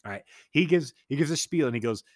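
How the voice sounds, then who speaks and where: A man casually telling a story to his audience, profane and excitable, often interrupting himself mid-sentence. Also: medium pitch, fast talker, no room sound, studio quality.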